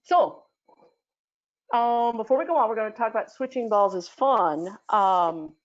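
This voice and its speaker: A woman's voice: on the high side, a little slow, dull audio. A woman giving a casual talk as a dog sport instructor, chatty, with many fillers and restarts. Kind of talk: casual teaching talk in an audio chat room.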